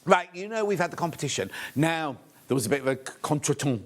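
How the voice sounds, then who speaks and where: A man from the West Midlands of England hosting a live shopping show from a TV studio, talking in a chatty, rambling way with hurried asides. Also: a little high, expressive, fairly bright tone. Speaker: shopping channel host.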